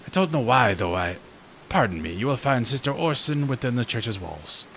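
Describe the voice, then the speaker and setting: A man voicing a gloomy male gravekeeper in a game, with a put-on French accent, halting and apologetic. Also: medium pitch, sing-song, gravelly, fairly bright tone, slight background noise, voice pushed up.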